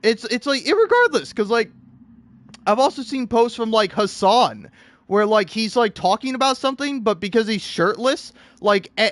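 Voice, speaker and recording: A man with a high voice delivers an exasperated comedic rant. He swings from loud outbursts to grumbling mutters. The sound is close and dry. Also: animated, normal speed, dry recording. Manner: exasperated, theatrical, swinging between shouting and muttering. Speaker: online video creator.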